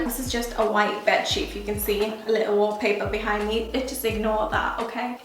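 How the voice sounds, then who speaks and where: A woman's voice: medium pitch, little pitch movement, a little fast, hardly any pauses, heavy background noise. A woman hosting a casual try-on vlog at home, playful and chatty, sometimes breaking into song. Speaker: YouTuber. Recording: very echoey room, faint music.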